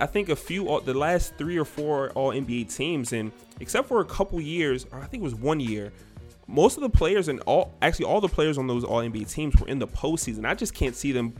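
A man hosting a podcast, talking sports in a loose, rambling way with lots of fillers. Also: mid-range voice. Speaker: podcast host. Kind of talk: casual sports chat.

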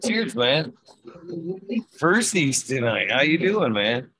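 A laid-back male host chatting casually on a livestream. He speaks at an unhurried, slow pace and greets people by name as they join. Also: medium pitch, very animated, crowd noise, poor audio.

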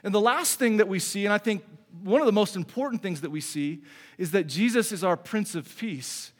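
A middle-aged pastor with a high voice preaches briskly in a large hall. He's earnest and conversational, frequently restarting his sentences.

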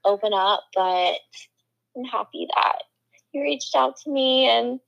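A woman's voice: a little high, a little slow, vocal fry, a bit bright, highs cut off. A young woman talking as a podcast guest, chatting casually and laughing often. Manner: chatty, laughs often, says "oh my gosh" a lot. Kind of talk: casual chat.

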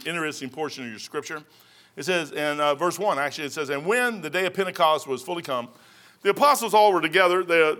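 A man's voice: a little high, sharp tone. A man preaching a sermon as pastor, rambling folksy and telling stories.

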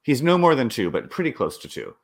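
A man co-hosting a casual chat, telling a story with animated delivery and acted-out quotes. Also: fast talker. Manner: animated, acts out quotes with swooping pitch. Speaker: podcast co-host.

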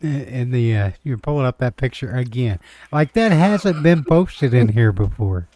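A man's voice: mid-range voice, lively intonation, measured pace, dark tone. A man co-hosting a casual podcast, telling rambling, crude stories and laughing through them. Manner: former bar-band musician. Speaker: podcast co-host. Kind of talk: casual chat.

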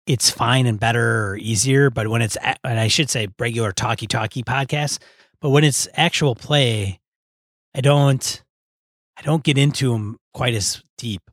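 A man's voice: mid-range voice, normal speed, no echo, clean studio sound. A man co-hosting a podcast, chatting casually and thinking aloud with lots of hesitation. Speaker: podcast co-host. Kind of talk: casual chat.

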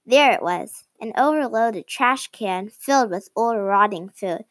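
A woman reading a children's chapter book aloud in a slow, careful storybook manner. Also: on the high side, animated, no room sound. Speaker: reader.

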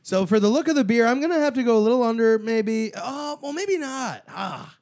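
A man's voice: very high-pitched, animated, fairly quick, darkish tone. A young man co-hosting a podcast in casual banter, joking and laughing often. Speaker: podcast co-host.

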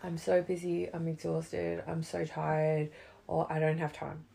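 A young woman, chatting casually, swearing a lot and swinging between loud outbursts and low mutters. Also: completely flat delivery, a little slow, vocal fry, slight background noise. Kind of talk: casual chat.

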